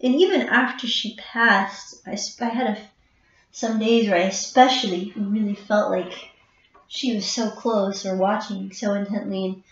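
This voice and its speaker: A woman musician in a halting, reflective personal monologue, emotional and full of pauses and fillers. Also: mid-range voice, steady tone. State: emotional, near tears at times. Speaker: harpist and channel host. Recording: roomy, distant, dull recording.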